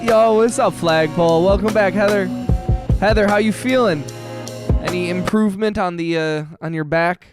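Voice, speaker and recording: A man's voice: high voice, moderate pace. A man hosting a music-making livestream from his phone, chatting casually with viewers, greeting them by name and laughing often. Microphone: phone mic.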